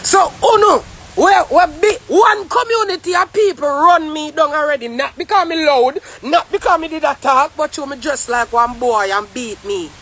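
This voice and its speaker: A woman with a Jamaican accent in a heated, profane ranting monologue, often shouting. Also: sits high, moderate pace. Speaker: vlogger.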